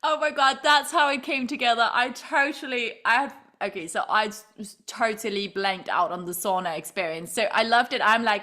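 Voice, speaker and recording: A woman hosting a relaxed interview chat, animated and laughing easily as she acts out what people said. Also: a little high, moderate pace, hardly any pauses. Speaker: podcast host and yoga teacher.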